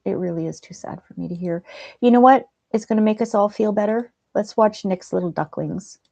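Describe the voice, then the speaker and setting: A woman hosting a livestream, chatting gently and reading out viewers' comments. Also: mid-range voice, brisk, vocal fry, dry recording. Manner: soft-spoken, gentle, chatty. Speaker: livestream host.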